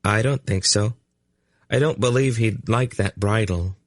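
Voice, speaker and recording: A man's voice: on the low side, a little slow, no echo, clean studio sound, pitched above the performer's own voice, close to an everyday voice. A man voicing an eager young boy. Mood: earnest. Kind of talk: audiobook narration.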